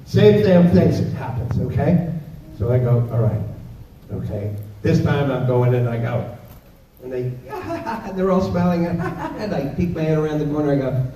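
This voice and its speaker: A man telling a story on a convention stage with dramatic pauses, acting out the voices. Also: fairly high pitch, big pitch swings, warm tone, slight background noise. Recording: echoey convention hall, far from mic, dull.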